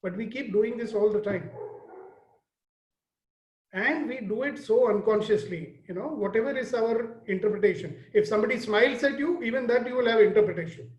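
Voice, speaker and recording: High-voiced Indian leadership trainer. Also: male voice, brisk. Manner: earnest, questioning the audience, storytelling. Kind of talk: leadership class lecture. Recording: roomy, dull lo-fi sound.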